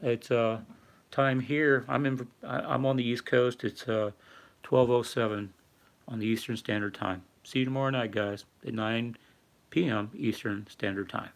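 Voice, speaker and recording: Gravelly older man rambling on a livestream. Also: mid-range voice, steady tone, unhurried. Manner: rambling, reads viewer chat aloud with many fillers. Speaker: livestream host. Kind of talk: casual live-stream talk.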